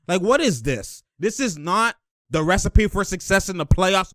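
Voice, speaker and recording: Man, casual basketball film breakdown, excitable, slangy, laughs a lot, slightly high voice, smooth, dry close sound. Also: normal speed, dry recording. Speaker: host breaking down game footage.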